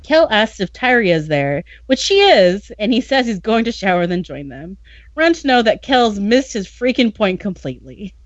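A woman's voice: mid-range voice, sing-song, normal speed, no room sound, dull audio. A woman hosting a podcast, recapping a story in a chatty, sarcastic way and often laughing. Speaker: podcast host recapping a novel. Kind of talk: casual chat.

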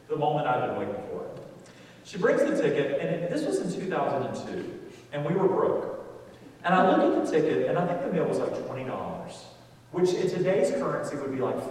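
A middle-aged man preaching, slightly high and very lively in pitch, moving from hushed lines to excited outbursts. The sound is distant and echoes through a large church hall. A faint hum sits behind him. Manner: animated storyteller, swinging from quiet to loud excitement. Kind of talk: sermon storytelling.

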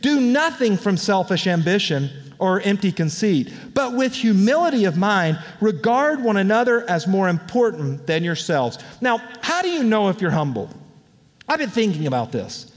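High-voiced pastor preaching in a reverberant hall. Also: male voice, normal speed. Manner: conversational, candid preaching with lively asides. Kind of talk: sermon. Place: church auditorium. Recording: long reverb of a large hall.

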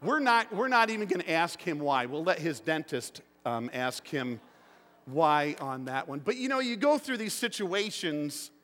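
At normal speed and with a voice on the high side, a middle-aged pastor preaches in a church sanctuary. He tells animated stories and acts out the quotes, all under a long hall reverb.

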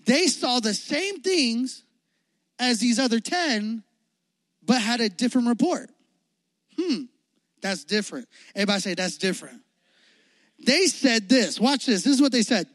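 A man's voice: very high voice, expressive, normal speed, a bit bright, dry recording. A young man giving a youth sermon in a playful, slangy, joking way, acting out the Bible story. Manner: playful, jokey, slangy, acts out quotes. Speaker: youth pastor.

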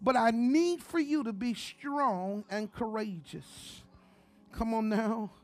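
A woman's voice: on the high side, slow pace, darkish tone. A woman preaching a sermon with fervent delivery, often repeating "come on now" and stammering as she restarts.

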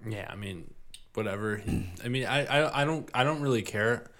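A man's voice: medium pitch, moderate pace, fairly bright tone. A man with a Midwestern accent chatting casually, hesitant and full of ums. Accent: Midwestern American. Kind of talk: casual chat.

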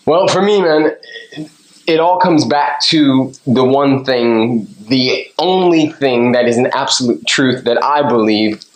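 Male guest, mid-pitch, playful and preachy, echoey room. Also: slow. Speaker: podcast guest, author and coach. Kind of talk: casual interview. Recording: roomy echo.

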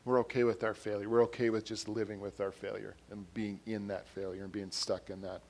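A man preaching a sermon in an earnest way, repeating his phrases and growing louder when he reads quotes and scripture. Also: on the low side, little pitch movement, brisk.

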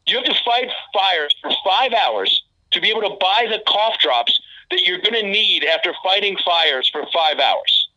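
A man in casual podcast chat, animated and indignant, swearing as he talks. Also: high voice, moderate pace, muffled recording. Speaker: podcast guest.

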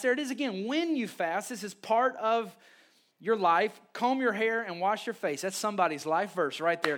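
A man, a pastor preaching a sermon, telling stories with lively restarts and repeated words. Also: sits high. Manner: animated storytelling with quick restarts.

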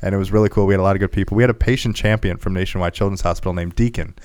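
A man's voice: deep voice, fairly even intonation, darkish tone, no echo. A man co-hosting a casual gaming podcast, talking earnestly and repeating himself as he goes. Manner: earnest, quick, repeats words. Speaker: podcast co-host. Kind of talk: casual chat.

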